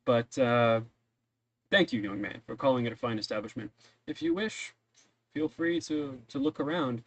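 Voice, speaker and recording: A man's voice: mid-range voice, moderate pace, lightly acted, poor audio. A man voicing a polite, fussy older male librarian with old-fashioned formal manners in a tabletop game.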